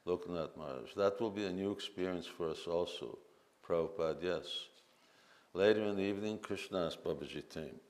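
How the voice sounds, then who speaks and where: A man with a very deep voice reads a memoir aloud at a festival gathering. He reads at a measured pace and stops to lead call-and-response chants. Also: a little mellow. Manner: reads quotes in a measured voice, breaks into leading chants. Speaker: speaker at a temple festival. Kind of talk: reading aloud and speaking to a gathering.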